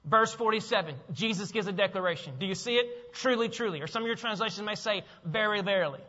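A man preaching with a high, bright voice, emphatic and full of questions to his listeners. His words carry a long reverb in a large hall, and the sound is slightly dull. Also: fast talker. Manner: emphatic, repeats key phrases, asks the congregation questions. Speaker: pastor. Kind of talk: sermon.

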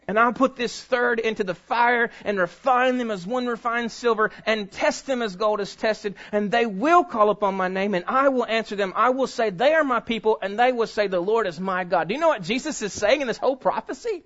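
A man with a very high voice preaches to his congregation from the pulpit. He reads scripture aloud and speaks straight to the listeners, swelling to loud peaks and sinking to near whispers. The church recording sounds dull and muffled. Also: fairly quick, hardly any pauses. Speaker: pastor. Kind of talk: sermon. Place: church sanctuary before a congregation.

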